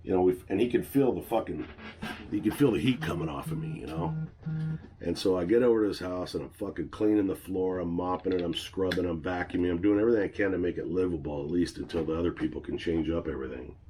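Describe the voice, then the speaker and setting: A man's voice: low voice, quick pace, dark tone, slight background noise. A middle-aged man telling a personal story in a blunt, swearing, venting way. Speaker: channel host. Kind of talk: personal vlog monologue.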